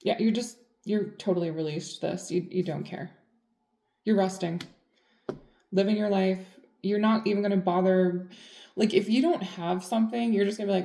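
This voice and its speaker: A woman's voice: medium pitch, fairly even intonation, fairly quick, gravelly, warm tone, reverberant. A woman giving a casual tarot reading, chatty and blunt, full of fillers. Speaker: tarot reader.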